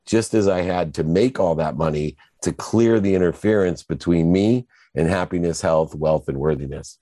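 An older man talks in a very low, mellow voice. He tells his story with earnest, motivational conviction. The recording sounds close and dry. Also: normal speed, dry recording. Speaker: guest entrepreneur. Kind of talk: casual interview conversation.

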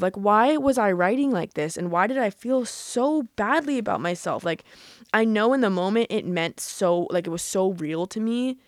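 Young woman vlogging, super chatty, lots of "like" and little laughs, mid-pitched voice, dry sound with no room echo. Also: animated, normal speed. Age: young adult. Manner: chatty, laughs often, heavy use of "like". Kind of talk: casual vlog, reading old journal entries aloud.

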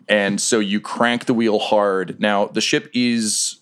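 A man narrating a tabletop game as game master, in a relaxed, halting way with fillers and swearing. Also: fairly low pitch.

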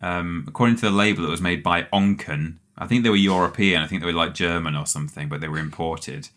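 A man with a very low, deep voice co-hosts a casual podcast. He spins long, rambling anecdotes and breaks into laughter as he goes. The talk is loose, friendly banter among friends. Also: quick pace, fairly bright tone. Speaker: podcast co-host.

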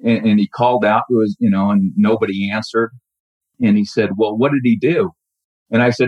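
A middle-aged man telling a personal story in a halting, reflective way with many restarts. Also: fairly low pitch, fairly even intonation, husky, no room sound. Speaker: caller telling a true story. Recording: dull lo-fi audio.

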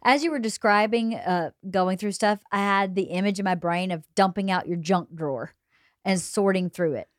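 A woman's voice: mid-range voice, moderate pace, no echo, clean studio sound. A woman hosting a podcast, chatting frankly and easily, swearing casually and laughing readily. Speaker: podcast host.

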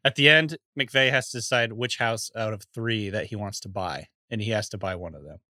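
A man's voice: fairly low pitch, fairly quick, bright, forceful tone, no echo, clean studio sound. A man co-hosting a podcast in casual chat, laughing easily and musing with hesitant restarts. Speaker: podcast co-host.

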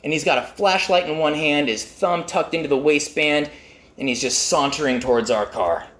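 A man telling a comic personal story in an animated, self-mocking way. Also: normal speed. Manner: animated, self-mocking, with jumpy pitch swings for emphasis.

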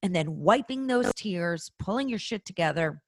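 A woman hosting a casual interview podcast, telling stories in quick, animated bursts. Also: fairly low pitch, dry recording. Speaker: podcast host.

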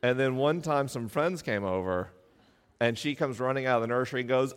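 A middle-aged man talks on stage in a mid-range voice, telling stories in a wry, self-deprecating way with quick asides. His voice carries a long reverb from the live hall around him. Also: mid-range voice, clean tone. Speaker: podcast host speaking live on stage. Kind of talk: live stage talk, conversational storytelling.

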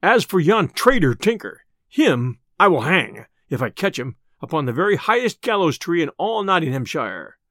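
Guy playing a mad vengeful sheriff, menacing storybook voice, pitch swings around. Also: very animated, normal speed, hardly any pauses, a bit bright, no echo, studio quality. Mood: wrathful. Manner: indignant and menacing. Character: wrathful, vengeful male sheriff.

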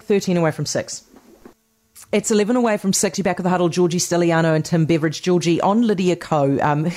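A New Zealand woman hosting a talk radio panel, brisk, teasing and blunt. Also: fairly low pitch, a little mellow. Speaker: radio host.

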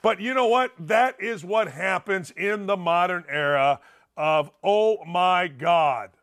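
A man with a Northwest Indiana accent hosts a sports talk show, speaking in a brash, mocking monologue. His voice sits high for a man. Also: a little slow, a bit bright. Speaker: radio show host.

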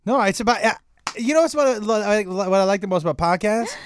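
A man's voice: high-pitched, expressive, fast talker, slight background noise. A man who is a comedian, chatting as a podcast guest and making joking remarks. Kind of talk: casual comedic chat.

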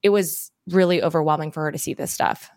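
A woman's voice: low voice, expressive, fast, a little mellow, no echo, studio quality. A woman host narrating a true story conversationally, tossing in rhetorical questions. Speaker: podcast host. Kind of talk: scripted narration.

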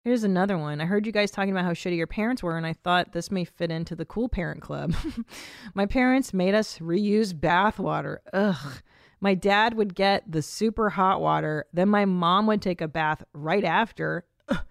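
A woman's voice: fairly low pitch, moderate pace, vocal fry, no room sound, studio quality. A woman hosting a comedy podcast, chatting loosely and profanely and reading out listener messages with laughs. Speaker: podcast host.

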